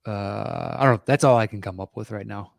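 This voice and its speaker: A man in his forties co-hosting a podcast in casual chat, hesitant and thinking aloud with pauses and fillers. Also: on the low side, steady tone, vocal fry, no room sound, studio quality. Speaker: podcast co-host.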